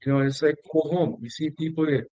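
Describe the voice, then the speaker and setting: A man's voice: a little high, steady tone, brisk, dark tone, dry recording, lo-fi sound. Middle-aged Minnesota man hosting a chat. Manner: conversational, meandering with fillers. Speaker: interview host. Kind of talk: casual interview.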